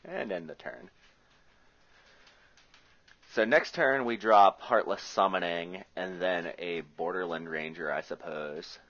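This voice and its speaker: A man's voice: sits low, slow, pauses often, fairly bright tone. A man from the US Rust Belt giving chatty, joking play-by-play commentary on his own card game and thinking his moves through aloud. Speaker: Magic player commentating his own match. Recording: muffled lo-fi recording.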